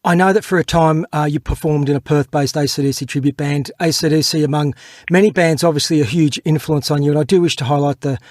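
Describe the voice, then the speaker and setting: A man hosting a music interview, asking measured, scripted-sounding questions. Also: a little high, steady tone, no echo, clean studio sound. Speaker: interview host. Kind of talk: radio-style interview.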